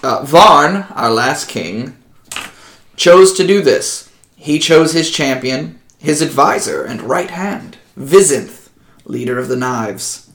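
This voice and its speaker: A man's voice: a little high, lively intonation, takes it slowly, a bit bright, reverberant. A man narrating as game master in a casual tabletop session, rambling with many ums.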